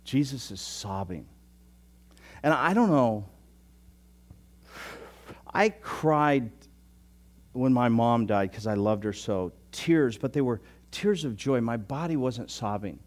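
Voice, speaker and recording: A man's voice: medium pitch, expressive, takes it slowly, pauses often. A middle-aged man preaching a sermon as pastor, casual and self-deprecating, rising to emphatic passages.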